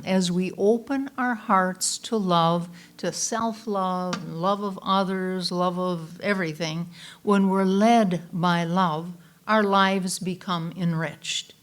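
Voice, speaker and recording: A woman's voice: on the low side, slow pace. Woman minister telling a story. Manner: relaxed storytelling with fillers and restarts. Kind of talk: conversational Sunday talk. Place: church sanctuary.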